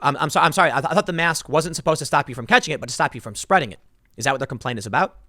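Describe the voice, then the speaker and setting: A man giving opinionated, sarcastic commentary for his vlog in an emphatic, animated way. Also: on the high side, very fast, no room sound. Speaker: political commentator. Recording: dry close-mic sound.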